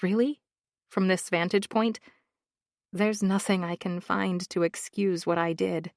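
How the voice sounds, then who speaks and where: A woman's voice: medium pitch, steady tone, measured pace, no echo, clean studio sound. A woman narrating a thriller audiobook in the first person, in an intimate, confessional manner.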